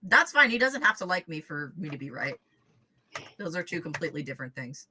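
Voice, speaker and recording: A woman's voice: low voice, big pitch swings, background noise. A woman playing a tabletop game who argues her point and laughs easily. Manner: argumentative, quick to laugh. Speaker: player. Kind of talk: casual tabletop game chat.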